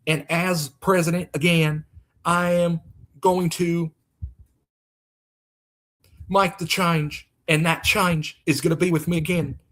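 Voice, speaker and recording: A boastful middle-aged politician on the stump, done by a man in a loud, pompous speechmaking voice. The pitch runs a little high for a man. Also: level tone, slow, pauses often.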